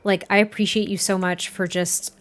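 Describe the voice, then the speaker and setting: A woman's voice: mid-range voice, flat delivery, normal speed, lightly acted. A woman voicing a young ranch woman in a game, thankful and a little flustered, gushing apologies and thanks. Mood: grateful.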